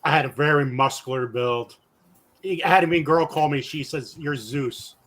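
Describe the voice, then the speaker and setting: A man in his fifties with a bright, forceful voice, telling stories in a casual, animated way. He laughs often and acts out the people in his stories. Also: a little high, moderate pace. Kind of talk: casual storytelling.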